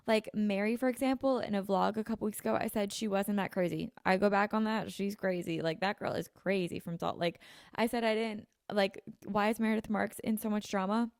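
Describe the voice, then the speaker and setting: A woman's voice: mid-range voice, fairly even intonation, fairly quick, no room sound, studio quality. A young American woman from the Philadelphia suburbs, hosting a podcast in casual chat and filling her speech with "like", a little sniffly. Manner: chatty, filler-heavy, says "like" constantly. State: sniffly, slightly runny nose. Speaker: podcast host. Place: apartment room. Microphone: podcast mic with video.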